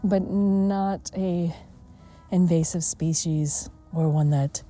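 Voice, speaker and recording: Lady doing a slow mindfulness chat, gentle, super mellow dark voice, soft music behind. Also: on the low side, fairly even intonation. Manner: gentle and unhurried, with soft laughs and hushed moments. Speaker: mindfulness podcast host. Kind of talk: slow reflective mindfulness talk.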